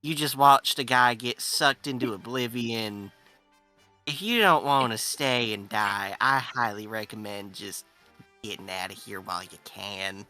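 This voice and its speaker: A man's voice: fairly low pitch, a little slow, bright, forceful tone, faint music behind. A man playing a tabletop game, chatting casually and explaining what his character does. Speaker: player.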